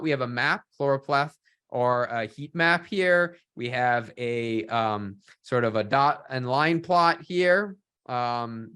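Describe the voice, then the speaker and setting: A man leads an online data visualization workshop, talking in a mid-pitched voice. He poses questions to his viewers and keeps checking in with them. He often ends a thought with a quick "right?". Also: a bit bright, clean tone. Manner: asks the audience, often adds "right?". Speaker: workshop instructor.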